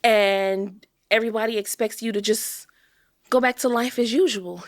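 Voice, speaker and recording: Woman from Chicago, animated storyteller. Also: fairly high pitch, normal speed, no echo, clean studio sound. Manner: emotional, animated storytelling with acted-out quotes. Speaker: interview guest. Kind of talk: candid podcast conversation.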